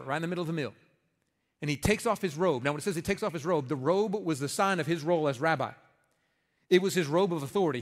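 A man's voice: high voice, a bit bright, big-room sound. A man preaching a sermon in a conversational, emphatic way, with folksy humor. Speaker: pastor.

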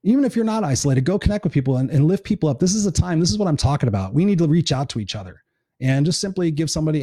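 A man's voice: high-pitched, animated, rapid-fire, gravelly, warm tone, husky, no room sound, studio quality. A middle-aged man hosting a live show in casual chat, earnest and encouraging, swearing now and then.

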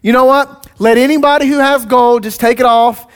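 A man's voice: very high voice, fairly even intonation, moderate pace, clean tone. A man voicing a whiny, excuse-making male Bible leader, pleading and self-pitying.

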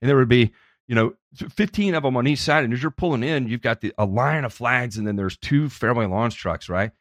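A man hosting a podcast, telling stories in a casual, profane and animated way. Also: medium pitch, brisk, no echo, studio quality.

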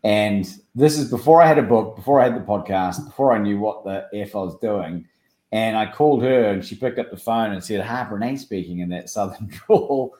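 An Australian man chatting as a guest, an animated storyteller who acts out quoted dialogue. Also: on the low side, moderate pace, roomy sound. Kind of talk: casual chat.

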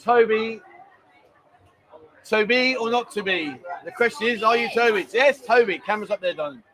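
Amid crowd noise in a busy bar, a man with a rather high voice speaks at normal speed while hosting a casual live stream. He jokes, chats loosely and reads out what viewers send in.

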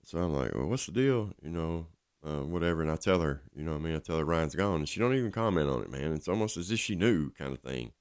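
Very deep-voiced man, rambling. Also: fast, smooth, dry recording, studio quality. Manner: rambling, casual, full of fillers. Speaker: recovering addict telling his story. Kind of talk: personal storytelling.

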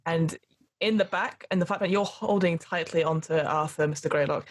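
A woman running a tabletop horror game as game master, narrating scenes dramatically and quickly. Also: lowish voice, slight background noise.

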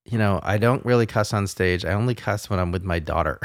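A man's voice: lowish voice, brisk. A man hosting a casual chat, a comedian himself, laughing often and poking fun at himself. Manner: laughs often, self-mocking.

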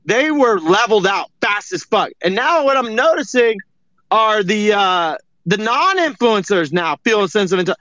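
A man's voice: high-pitched, expressive, moderate pace, pushed and bright, dry recording. A man co-hosting an online audio chat, ranting in a profane, exasperated way over a dull lo-fi stream. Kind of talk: heated casual chat.

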